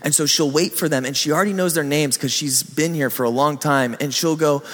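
Man preacher, higher voice, lively storyteller, long hall reverb. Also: normal speed, hardly any pauses. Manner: animated storytelling, acts out voices. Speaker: pastor. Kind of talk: sermon.

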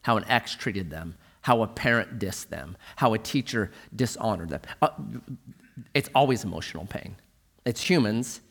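A middle-aged male pastor preaching a sermon, telling a humorous story in an animated way. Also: medium pitch.

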